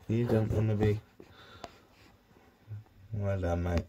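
A man talking softly and coaxingly to his pet hedgehog in a casual vlog. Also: expressive, takes it slowly, gravelly, pauses often, slight background noise. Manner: soft, coaxing, low-key murmuring to his hedgehog. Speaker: pet keeper vlogger.

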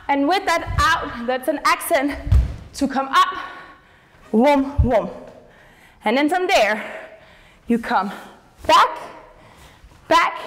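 Dance teacher, female, high voice, slow delivery, calls steps while moving, reverberant studio. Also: a bit bright. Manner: counts steps aloud while dancing.

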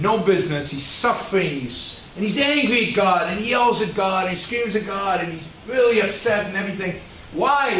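High-voiced man lecturing in an echoey hall. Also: a bit bright. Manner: emphatic and repetitive, with questions to the audience. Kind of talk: public lecture to an audience. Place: event hall in Shanghai. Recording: roomy hall, distant mic, faint noise.

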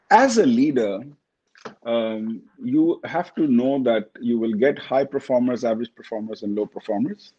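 Measured CEO man with a dark voice. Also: fairly low pitch, husky, dull audio. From Pakistan. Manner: measured, corporate, repeats words when restarting. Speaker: CEO guest. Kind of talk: interview answers.

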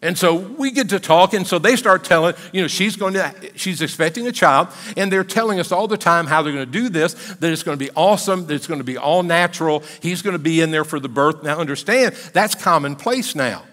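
A man's voice: on the high side, animated, brisk, hardly any pauses, a bit bright. An older man, a pastor, telling a story in a sermon in a plain, conversational, folksy way. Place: church sanctuary. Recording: long hall reverb in a church.

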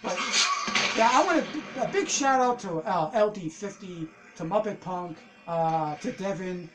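A man giving casual let's-play commentary, excitable and swearing as he rants at the game. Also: high voice, measured pace, a little hiss or hum, poor audio. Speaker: gameplay commentator.

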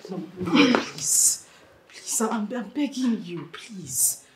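A woman's voice: fairly high pitch, very animated, moderate pace, heavy background noise. A young woman playing a headstrong daughter who argues and pleads emotionally. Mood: pleading. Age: young adult.

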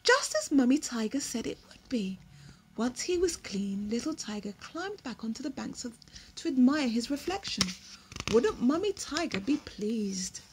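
A young woman reading a picture book aloud to her toddler at home, slow and expressive, with gasps and whispered asides. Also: on the high side, slight background noise.

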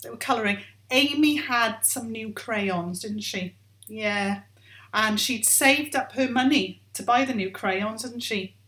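A woman tells a Bible story to young children, gently coaxing them with questions. Her voice is bright and fairly high. The room around her is echoey. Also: a little slow. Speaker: Sunday school teacher.

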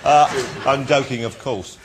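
A man hosting a TV chat show, teasing his guest in playful banter before a studio audience. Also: mid-range voice. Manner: playful, mocking. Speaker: talk show host. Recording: loud studio audience, background noise.

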